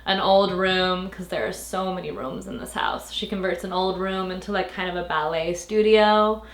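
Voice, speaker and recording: A woman's voice: lowish voice, normal speed. A young woman reviewing a book in a casual, rambling, playful way, full of filler words. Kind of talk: casual chat. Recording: roomy echo.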